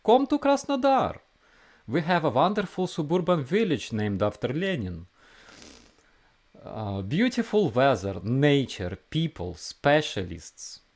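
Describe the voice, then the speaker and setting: A shrill, earnest old Russian babushka, pleading in a heavy Russian accent, as a man reads her part aloud. The voice sits high and strained above a normally low, slow speaker, and the delivery is a wide-eyed sales pitch. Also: sing-song. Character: earnest elderly Russian village grandmothers.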